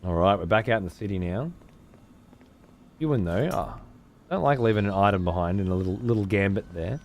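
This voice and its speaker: A man's voice: fairly low pitch, fairly quick, a little hiss or hum. A man streaming a game, chatting casually and swearing freely while answering his chat. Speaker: let's play streamer. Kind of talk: casual gameplay commentary.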